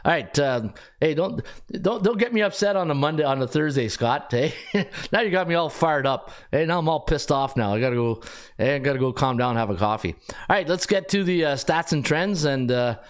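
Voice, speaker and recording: Animated man hosting a betting show. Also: medium pitch, a little fast, clean tone. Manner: animated, rambling, frequent restarts. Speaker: sports betting podcast host. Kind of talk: casual live-stream talk.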